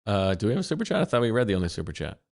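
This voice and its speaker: A man co-hosting a sports podcast in casual chat, with a flat, deadpan delivery. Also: lowish voice, very fast, creaky. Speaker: podcast co-host.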